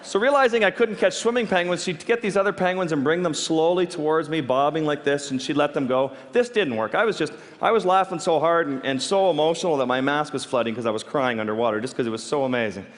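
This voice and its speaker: With long hall reverb around him, a man tells stories on stage in a fairly high voice. Lively and quick to laugh, he breaks off mid-sentence and starts again in halting restarts.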